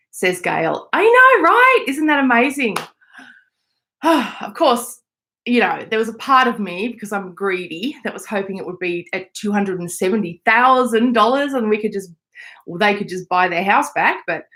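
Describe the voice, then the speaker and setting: Female podcast host, Australian accent, relaxed live-chat delivery from home. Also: medium pitch. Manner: chatty, reads out viewer messages.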